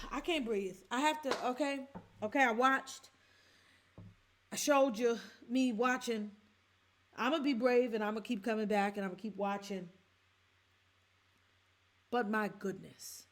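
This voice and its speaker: A woman from the Bronx in her forties, hosting a reaction show and talking to her listeners in a heartfelt, halting way. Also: a little high. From the Bronx, New York. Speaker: podcast host. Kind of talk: emotional reaction chat.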